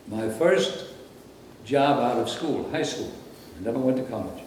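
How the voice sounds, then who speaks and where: A man's voice: medium pitch, a little mellow, heavy reverb, recorded from a distance, a little hiss or hum, low-quality recording. An older man from Brooklyn, New York, reminiscing in a rambling, anecdotal way during an interview. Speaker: interviewee, former radio announcer.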